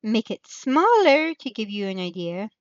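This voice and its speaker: On her own channel, a woman rambles through a casual chat, thinking out loud, trailing off, and starting her thoughts over. Her voice is on the high side and sing-song, a little slow. The audio has no echo but sounds muffled.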